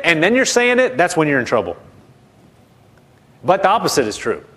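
Emphatic man preaching a sermon. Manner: emphatic, repeats phrases, drops soft and low when modeling declarations.

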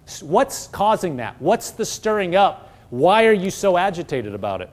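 A man's voice: sits high, big pitch swings, normal speed. A man teaching from the Bible in a conversational preaching style, earnest and full of rhetorical questions.

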